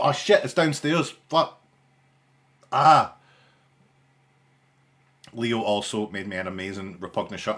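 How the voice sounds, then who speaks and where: Man, lowish voice, sarcastic, rambling, casual live stream chat. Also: fairly bright tone. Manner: dry, sarcastic humour; rambling, with frequent restarts and fillers.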